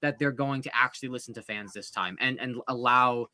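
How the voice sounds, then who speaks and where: A man's voice: medium pitch, fairly quick, sharp tone, no echo. A man on a movie podcast panel, ranting bluntly and swearing freely in casual chat.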